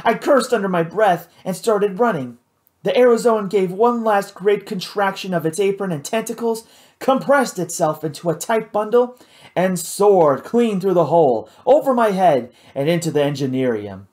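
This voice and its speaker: An audiobook reader narrating a novel in the first person, measured and expressive. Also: medium pitch.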